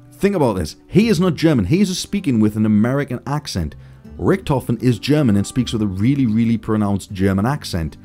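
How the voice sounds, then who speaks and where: A man with a low, warm voice talks through gaming theories to his audience, thinking out loud and growing excited as he goes. Faint guitar music plays in the background. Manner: excited, speculative, addresses viewers as guys. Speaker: gaming channel host. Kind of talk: casual gaming theory commentary.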